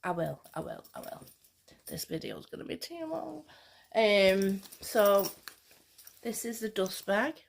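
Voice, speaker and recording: A woman vlogger talking casually, telling a rambling, excitable story. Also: mid-range voice, slow pace, vocal fry, long pauses. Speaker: fashion vlogger. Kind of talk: casual chat.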